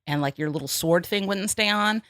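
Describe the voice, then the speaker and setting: A woman in her forties hosting a podcast in casual chat, bubbly and animated, laughing often. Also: medium pitch, a little fast, no room sound, studio quality. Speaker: podcast host. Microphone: studio microphone.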